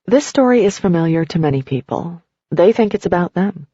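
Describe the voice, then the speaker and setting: A woman's voice: lowish voice, brisk, breathy edge, no echo, dull audio. Woman reading a nonfiction audiobook. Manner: steady second-person storytelling. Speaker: narrator.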